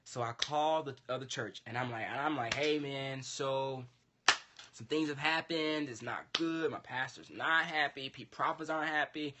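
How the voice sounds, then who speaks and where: A man's voice: medium pitch, normal speed, noisy background. A man casually telling a long story to a co-host, acting out the voices of the people in it. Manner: animated, acts out quoted dialogue.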